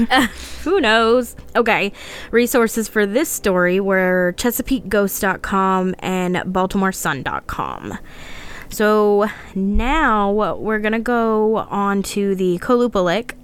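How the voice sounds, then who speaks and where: A woman's voice: mid-range voice, expressive, slow pace, clean tone. A woman co-hosting a casual podcast, reading a legend from her notes with frequent laughs and stumbles. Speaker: podcast co-host.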